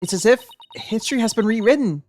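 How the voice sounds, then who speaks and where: A woman's voice: fairly high pitch, expressive, fast talker, darkish tone, slight background noise. A woman streaming a game playthrough, reading all lines aloud and switching voices.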